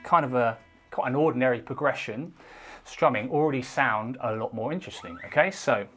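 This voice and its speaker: A man teaching a casual guitar lesson, talking in a relaxed way and counting beats out loud while he strums. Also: medium pitch, a little fast. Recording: faint guitar playing behind.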